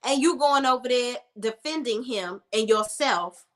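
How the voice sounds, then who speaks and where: Young woman dishing on a tv episode, sassy and emphatic, kinda high bright voice. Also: expressive, unhurried. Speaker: TV show reviewer. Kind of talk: casual recap commentary.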